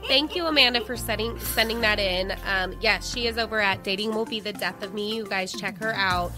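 Over music, a woman with a mid-range voice co-hosts a podcast. She chats casually and reads listener messages aloud, giggly, emotional, and quick to laugh.

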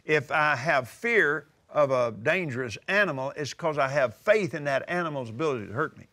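An older man preaching a sermon, emphatic and drawing out scripture quotes slowly. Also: on the high side, animated, pushed and bright. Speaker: televangelist preacher. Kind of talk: sermon-style teaching.

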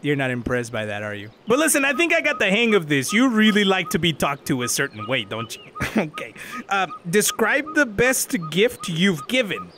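Goofy high-pitched male gamer. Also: big pitch swings, normal speed, slight background noise. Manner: goofy, loud, laughing, playful mock flirting. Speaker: VR gaming YouTuber. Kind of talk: comedic gaming commentary.

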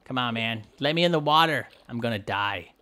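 Bright, teasing let's-play commentator. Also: mid-range voice, expressive, brisk. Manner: rambling, teasing, pleading with the game. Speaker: gameplay commentator.

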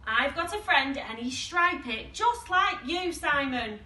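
A woman's voice: sits high, animated, measured pace, bright, forceful tone, pitched above the performer's own voice, exaggerated voice. A woman voicing Ted, an eager, cheerful toy friend trying to help, recorded in an echoey room with the mic at a distance.

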